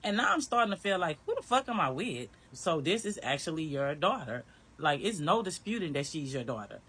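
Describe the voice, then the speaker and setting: Bright-voiced woman telling a blunt story. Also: low voice, sing-song, brisk, breathy edge. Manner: candid and blunt, with swearing and vivid retelling. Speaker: storyteller recounting her marriage. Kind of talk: casual personal storytelling.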